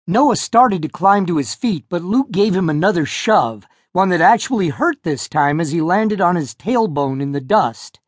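A man narrating an audiobook with expressive storytelling, recorded close to the mic. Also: high voice, moderate pace, hardly any pauses, no room sound. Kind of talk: scripted narration. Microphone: close studio mic.

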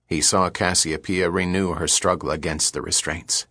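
A man narrating an audiobook thriller in a steady, measured storytelling manner. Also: deep voice, dry recording, studio quality.

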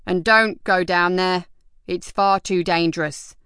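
A woman puts on a gruff, blunt male fire officer from an audiobook crime novel, cautious and unhurried. He gives warnings in a low, steady, slightly lowered voice. The sound is smooth and close, with no room to it. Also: dry recording, natural voice. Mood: brusque.

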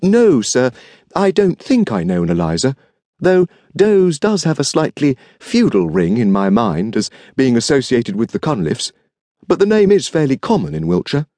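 A man's voice: medium pitch, wildly swooping pitch, moderate pace, warm tone, no room sound. A male audiobook narrator voicing a polite, refined young dandy who works in an art shop, speaking eagerly and deferentially. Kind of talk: audiobook character reading.

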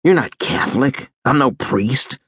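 A man voicing a calm, curt male army medic who speaks low and evenly. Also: unhurried, slightly rough, dry recording, studio quality.

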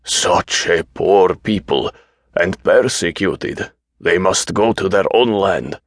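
A man voicing a delusional older man who calls himself a king, speaking in slow, emphatic, agitated pronouncements. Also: sits low, exaggerated voice. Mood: fearful.

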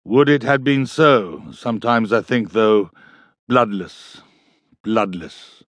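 A man narrating a novel in a theatrical, lively reading on a close studio mic. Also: medium pitch, unhurried, no echo, highs cut off. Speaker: audiobook narrator. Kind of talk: scripted narration.

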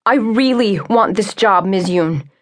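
A woman's voice: mid-range voice, measured pace, natural voice. Brief: woman narrator as earnest young female job seeker, eager, pleading tone. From Brooklyn, New York.

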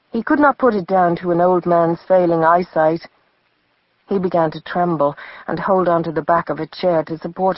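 A woman narrating a novel as an audiobook in a measured storytelling manner. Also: on the low side, no room sound, lo-fi sound. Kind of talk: scripted narration.

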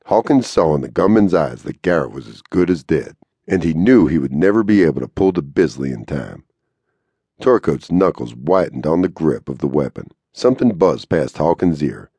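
A man narrating a western audiobook in a steady, measured way into a close studio mic. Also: rumbling low, slightly rough, no room sound.

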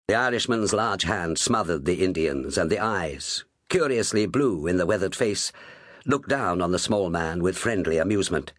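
A man reading an audiobook novel in a measured, expressive narrating style. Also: low voice, no room sound, studio quality. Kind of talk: scripted narration.

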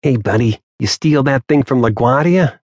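A man's voice: mid-range voice, moderate pace, a little mellow, no room sound, pitched above the performer's own voice, natural voice. A man doing a wisecracking nervous detective. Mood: wry. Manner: joking, nervous. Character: wisecracking male police detective. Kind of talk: audiobook character voice.

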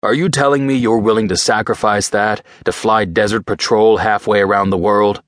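A man doing a gruff barking general. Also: fairly low pitch, fairly even intonation, moderate pace, no echo, studio quality, lightly acted. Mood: stern. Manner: barking, stern. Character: gruff older male army general.

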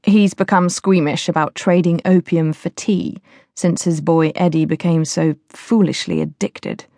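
A woman's voice: lowish voice, fairly even intonation, unhurried, dark tone, dry recording, studio quality. A woman reading the part of a scheming older English lord who speaks affably but gives orders in a cold, businesslike way.

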